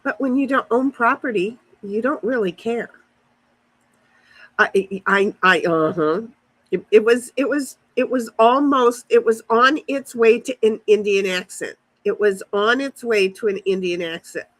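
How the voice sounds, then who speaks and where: A woman with a slightly high voice speaks at a measured pace while livestreaming from her backyard on a phone. She chats casually and rambles as she answers viewers' comments. The recording is rough.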